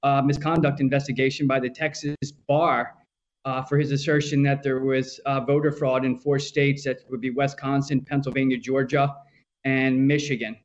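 A man's voice: medium pitch, level tone, moderate pace, highs cut off. A man giving a casual rundown of legal news, easygoing and filler-heavy.

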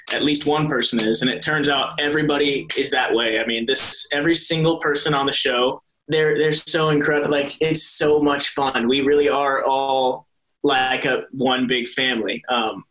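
This is a young soap actor guesting on a casual interview, and his stories wander, full of restarts, self-corrections and laughs. His voice is medium-pitched and a bit bright, captured in a rough recording.

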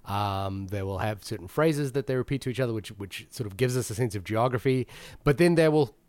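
A man's voice: mid-range voice, a little fast, a little mellow, dry recording. Rambling male podcast host. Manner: rambling, many restarts and fillers. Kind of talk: casual film discussion.

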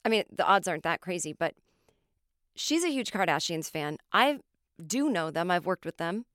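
Clear-voiced American woman telling comic stories. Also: fairly low pitch, moderate pace, no echo, studio quality. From United States. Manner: animated, swears freely, acts out quotes. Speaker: podcast host, comedian. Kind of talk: comic storytelling monologue.

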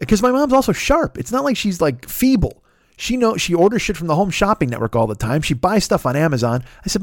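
A middle-aged man hosts his podcast in a loose solo monologue, rambling and swearing with an exasperated edge. His voice sits a little high for a man. The sound is dry and close, with no room around it. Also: sing-song, fast talker, no echo. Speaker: podcast host.

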